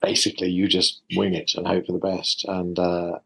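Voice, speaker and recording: Low-voiced man from South London. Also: completely flat delivery, normal speed, creaky, a bit bright, husky, low-quality recording. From South London, England. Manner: thoughtful, chatty, many small restarts. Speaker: voice actor guest. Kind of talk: casual interview chat.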